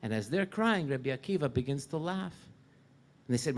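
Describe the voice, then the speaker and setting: A man giving a sermon as a rabbi, telling stories and rising loud when he quotes figures. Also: on the high side, lively intonation, brisk.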